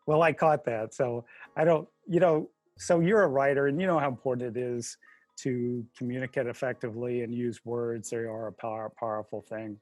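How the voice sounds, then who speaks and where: A man's voice: mid-range voice, fairly even intonation, moderate pace, dry recording, soft background music. A man hosting a casual interview over a video call, chatty and jokey, with plenty of filler words. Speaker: host.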